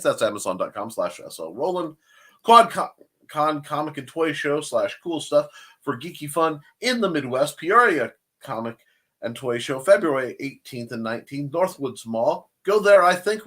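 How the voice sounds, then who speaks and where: A man's voice: a little high, a bit bright. A man hosting a laid-back chat stream, reeling off links and plugs. His voice swings up and down with lots of life as he wanders into jokey asides and corrects himself mid-sentence. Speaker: show host. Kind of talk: casual live-stream chat, reading out plugs.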